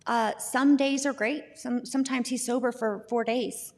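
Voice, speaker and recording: A woman's voice: on the high side, steady tone, moderate pace, a little mellow. Candid woman telling her story in a hall. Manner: candid, self-deprecating, laughs often, restarts words. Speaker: guest sharing her recovery story. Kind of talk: personal testimony in a recovery talk. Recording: long reverb in a hall.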